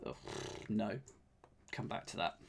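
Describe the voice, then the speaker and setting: Slow-talking man with a slight lisp. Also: slight background noise. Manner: muttering, sighing, trailing off while puzzling. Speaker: puzzle streamer. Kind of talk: thinking aloud while solving a crossword.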